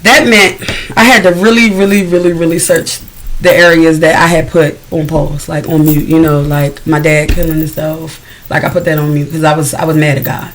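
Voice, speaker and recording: A woman's voice: low-pitched, level tone, moderate pace, slight background noise, rough recording. A woman singer-songwriter guesting on a podcast, telling her story frankly and animatedly, with slang. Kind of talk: candid podcast conversation.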